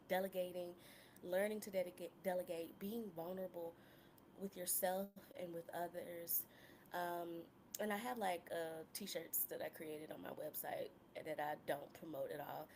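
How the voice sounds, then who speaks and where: A woman in her late thirties hosting a solo podcast, talking candidly in a chatty, slangy way that drops to soft murmurs and jumps to loud, excited bursts. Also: lowish voice. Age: 30s. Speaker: podcast host. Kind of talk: casual solo podcast monologue.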